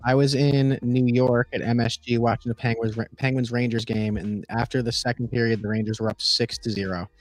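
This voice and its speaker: A man co-hosting a sports podcast, telling stories with lively, profane energy. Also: mid-range voice, a little fast, hardly any pauses, low-quality recording. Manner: animated, acts out quoted voices. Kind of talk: casual storytelling.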